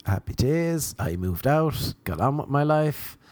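An Irish man with a cold, hosting a podcast and telling a rambling comic story with sarcastic, deadpan asides. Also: medium pitch, a little slow, no room sound. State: sniffly with a cold.

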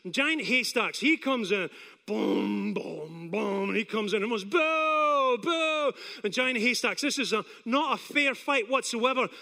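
A male preacher giving a sermon, telling stories in an animated way and acting out scenes. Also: very high-pitched, normal speed, few pauses. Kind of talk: sermon with storytelling.

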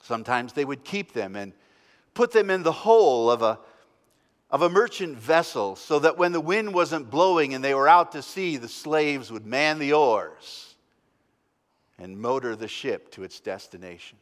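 Dramatic preacher in a reverberant church. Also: male voice, medium pitch, animated, normal speed. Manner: dramatic storytelling, swinging between loud and hushed. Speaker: pastor. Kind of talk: sermon.

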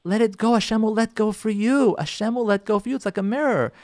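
A man's voice: sits high, fast, a little mellow, dry recording, studio quality. A man, a rabbi, giving an emphatic, repetitive talk on letting go in marriage, acting out spouses' quarrels. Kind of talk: sermon-style talk on relationships.

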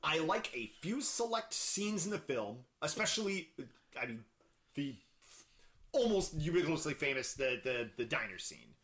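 A man co-hosting a casual podcast chat about films, talking in halting bursts full of fillers and restarts. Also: a little high, sing-song, fairly bright tone. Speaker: podcast co-host. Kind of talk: casual film discussion.

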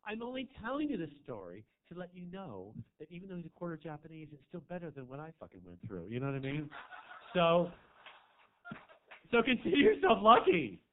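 A man's voice: fairly high pitch, huge pitch swings, brisk, slight background noise. A man from Marin doing a crude, camp stand-up set in a small club, rambling through a story with asides to the crowd. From Marin County, California. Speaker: stand-up comedian. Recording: tinny, phone-like live club recording.

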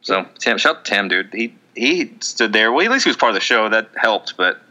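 A man's voice: fairly low pitch, very animated, fairly quick, pushed and bright. A man co-hosting a casual podcast, rambling and self-mocking, acting out his own past lines. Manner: rambling, self-mocking, quotes himself in bits. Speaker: podcast co-host. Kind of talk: casual chat.

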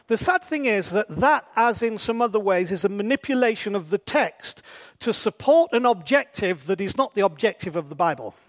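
A man with a strikingly high-pitched voice gives a sermon. He keeps it conversational and often stops to ask the congregation rhetorical questions. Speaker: preacher.

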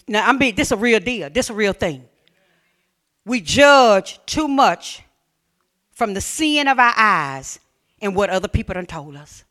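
A Southern woman pastor with an Alabama accent, preaching to her church in a bright, forceful voice. She tells folksy, funny stories and swings between loud bursts and near-whispers. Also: medium pitch, sing-song, unhurried. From Mobile, Alabama. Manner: folksy, humorous storytelling with sudden shifts between loud and hushed. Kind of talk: sermon.

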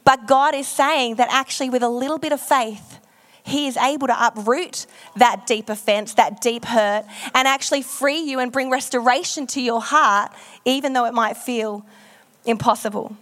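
Woman, pastor, sermon, fairly high-pitched, frank self-deprecating storytelling, conversational. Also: moderate pace, a bit bright. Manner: candid, self-deprecating storytelling with frequent ums and likes.

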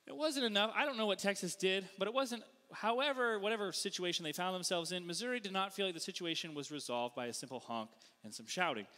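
A man from the Northeastern US preaching a sermon as a pastor, telling stories with animated, self-deprecating humor in a church sanctuary. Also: sits high, fast talker, hardly any pauses, big-room sound. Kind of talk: storytelling sermon.

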